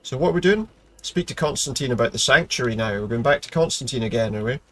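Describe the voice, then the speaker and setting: A man's voice: expressive, fast, fairly bright tone. Rambling man, laid-back commentary. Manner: rambling, jokey, low-key. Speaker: gaming video host. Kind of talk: casual let's-play commentary.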